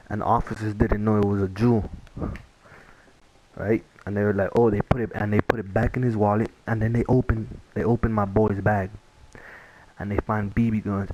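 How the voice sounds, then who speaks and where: Low flat-voiced young man rambling. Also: moderate pace, low-quality recording. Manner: rambling, repeats himself, many fillers. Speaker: vlogger. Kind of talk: casual story time.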